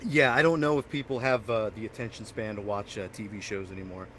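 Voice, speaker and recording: A young man hosting a casual podcast, telling rambling stories and getting loud and animated when excited. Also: lowish voice, quick pace, slight background noise. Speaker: podcast host. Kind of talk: casual chat.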